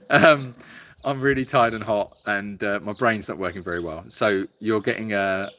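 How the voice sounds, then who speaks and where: A man's voice: lowish voice, expressive, bright, forceful tone, slight background noise. Tired man chatting on a live stream. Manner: rambling, halting with many fillers. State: tired and hot. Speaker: animal sanctuary host. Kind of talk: casual live-stream chat reading viewer comments. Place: outdoors at an animal sanctuary. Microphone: phone held for a live stream.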